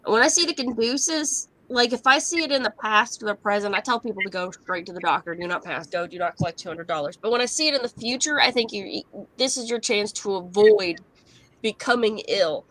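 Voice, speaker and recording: Woman, professional psychic, frank, chatty, swears casually, slightly high voice. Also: fairly quick, a bit bright, rough recording. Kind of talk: casual tarot-reading chat.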